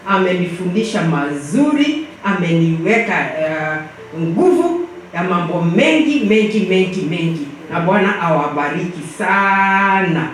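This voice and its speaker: A woman's voice: fairly low pitch, lively intonation, measured pace, slight background noise. An older woman giving an impassioned memorial exhortation, switching between English and Swahili. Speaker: memorial speaker. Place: church hall. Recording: echoey hall, far from the mic.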